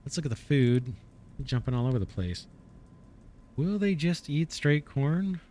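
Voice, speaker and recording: A man's voice: a little high, lively intonation, unhurried, mellow, a little hiss or hum. A man hosting a let's play, thinking aloud as he builds, his voice a little worn. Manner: thinking aloud, musing and self-correcting. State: slightly losing his voice. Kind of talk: casual gameplay commentary.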